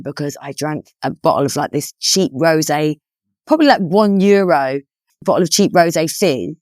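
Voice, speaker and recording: A woman's voice: deep voice, no echo, clean studio sound. A young woman co-hosting a podcast with a British English accent, chatting and reminiscing, exclaiming and swearing as she recalls. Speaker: podcast co-host. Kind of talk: casual chat, reminiscing.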